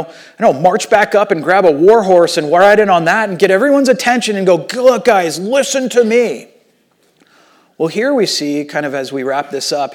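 Animated male preacher, slightly high voice. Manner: animated and conversational, swinging from loud to hushed. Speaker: pastor. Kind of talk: sermon.

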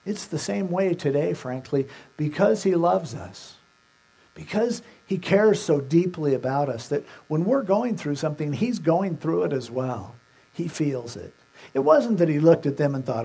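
A man's voice: fairly high pitch, animated, normal speed, gravelly, mellow. A male pastor preaching a sermon, retelling scripture conversationally and acting out the characters' words.

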